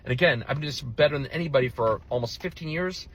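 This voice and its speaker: A man's voice: a little high, fast, highs cut off, slight background noise. A male relationship coach reacting to another video in a blunt, heated, profane rant. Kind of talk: reaction commentary.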